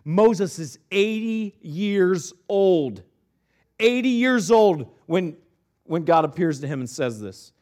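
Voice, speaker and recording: A man's voice: high-pitched, animated, takes it slowly, darkish tone. A male pastor preaching a sermon, reading scripture aloud and retelling it in earnest, conversational words.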